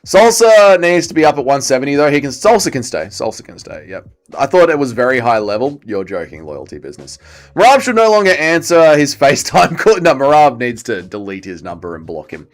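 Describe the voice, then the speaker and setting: A man's voice: medium pitch, very animated, fairly quick. A young Australian man hosting a livestream, giving crude, mocking commentary on fights and answering chat. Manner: profane, mocking, reads chat aloud. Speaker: livestream host. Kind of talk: casual fight-watching commentary.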